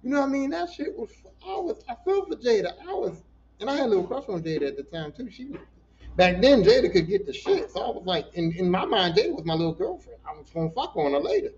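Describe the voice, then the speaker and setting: A man with a high voice hosts a casual solo podcast, telling stories in an animated, profane and emotional way. The recording sounds dull and lo-fi, with a faint hiss behind him. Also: quick pace. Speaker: podcast host.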